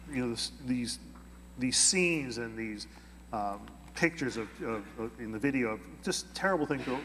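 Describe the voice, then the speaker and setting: A man being interviewed, telling an anecdote in a lively way and acting out the quoted dialogue. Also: fairly low pitch, in a large hall, slight background noise. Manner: animated, acts out quoted dialogue. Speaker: interview guest. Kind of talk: anecdotal storytelling.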